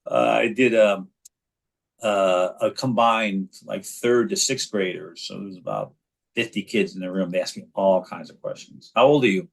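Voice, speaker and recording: Low, measured, and touched with vocal fry, the voice belongs to a New Yorker in his forties. He's an actor who also writes children's books, chatting casually as an interview guest and telling animated stories full of restarts.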